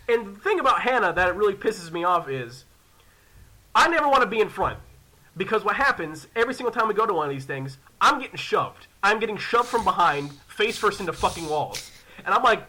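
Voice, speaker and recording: A man in his twenties, a podcast host, telling a story in casual, profane, animated chat and acting out other people's lines. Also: sits high, a little fast. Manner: animated, profane, acts out quoted voices.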